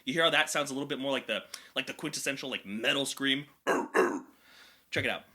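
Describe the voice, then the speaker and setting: A man talking casually as a vocal coach reacting to a song, chatty and excitable with lots of fillers. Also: medium pitch, rapid-fire, heavy background noise. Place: indoor room at home.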